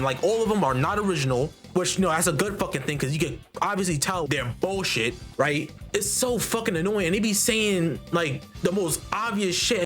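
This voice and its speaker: A man's voice: a little high, fairly bright tone. Ranting, foul-mouthed young-sounding man. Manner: heated, swearing constantly, repeats himself. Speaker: artist and vlogger. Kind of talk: profane ranting monologue. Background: faint background music.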